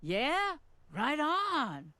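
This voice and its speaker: An actress playing an easygoing young female pilot in a video game, talking in a casual, relaxed way. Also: sits high, very slow, no room sound, exaggerated voice. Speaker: game character.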